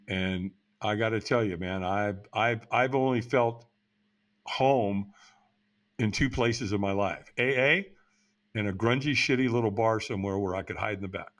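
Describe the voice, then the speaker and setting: On a podcast, an American guest in his sixties recounts his life with frank, blunt candor and casual profanity. His voice sits on the low side, bright and forceful.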